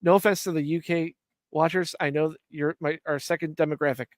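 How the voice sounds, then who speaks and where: A man's voice: fairly high pitch, steady tone, brisk, no room sound, studio quality. A man from Ireland hosting a live stream, chatting casually in rambling, profane, jokey rants. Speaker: stream host.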